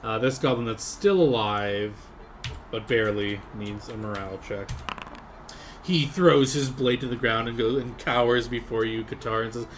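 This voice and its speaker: A man narrating as game master of a tabletop game stream, relaxed, laughing often, with plenty of fillers. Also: medium pitch, normal speed, slight background noise.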